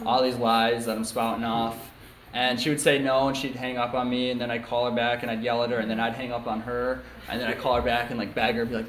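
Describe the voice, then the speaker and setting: A young man from New York State, USA shares his story at a recovery meeting before a small group, casual and frank, with many ums and you-knows. His mid-range voice has fairly even intonation, normal speed and a slightly bright tone, with a little hiss or hum. The echoey meeting room gives a roomy sound with faint ambience.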